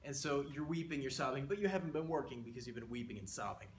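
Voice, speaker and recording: A man's voice: mid-range voice, animated, quick pace, slight background noise. Man joking through a mock lecture, roomy. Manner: playful, rambling, exaggerated asides. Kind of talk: comedic lecture sketch. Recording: roomy echo.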